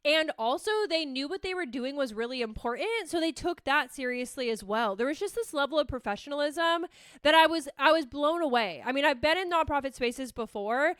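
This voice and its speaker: A high-pitched young woman hosts her podcast in a bubbly, rambling way, swearing casually and restarting her sentences. Her voice is bright and forward. She is recorded close on a dry microphone with no room sound. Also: animated, brisk, no room sound. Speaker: podcast host. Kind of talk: casual solo podcast chat. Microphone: close podcast mic.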